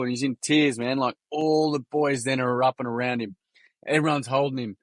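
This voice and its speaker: Animated Australian man telling stories. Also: medium pitch, moderate pace, no echo. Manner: animated, slangy, acts out quotes. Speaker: podcast guest, workshop founder. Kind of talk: casual storytelling interview.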